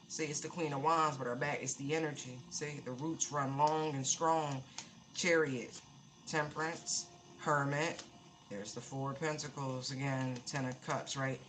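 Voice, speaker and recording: Chatty tarot reader on a live stream, keeps repeating stuff for emphasis, lots of hiss behind. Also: medium pitch. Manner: casual, emphatic, repeats herself for stress.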